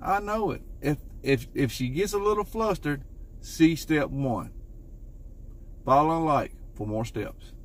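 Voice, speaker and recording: A man with a fairly high voice hands out joke advice as if it were gospel. His tone is confident and mock-serious, with a drawling, deadpan delivery. Short comic monologue. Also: measured pace. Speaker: comedy content creator.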